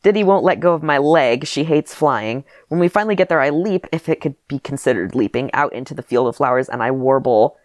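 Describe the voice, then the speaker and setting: A man's voice: mid-range voice, expressive, fairly quick, few pauses, dry recording, clean studio sound. A man co-hosting a podcast, reading his childhood writing aloud with wry comments and bursts of laughter. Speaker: podcast co-host.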